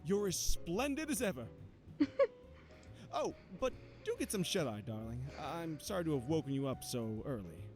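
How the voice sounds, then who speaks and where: A courtly, doting gentleman , as a woman streamer puts him on pleads and flatters in a refined manner, his voice rising and falling a great deal. Soft music sits faintly underneath. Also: low voice, moderate pace, pitched below the performer's own voice. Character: charming gentleman James, doting and polite. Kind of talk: game voice reading.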